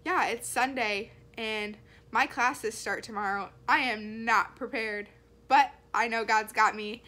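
A woman's voice: fairly high pitch, a little slow, pushed and bright. Earnest young woman vlogging, full of fillers. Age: young adult. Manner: earnest, rambling, many fillers. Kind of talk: casual faith vlog.

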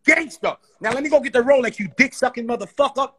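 Brief: high, husky-voiced man, brash livestream bragger, repeats boasts fast. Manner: loud, boastful, trash-talking, repeats himself. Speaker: live stream guest.

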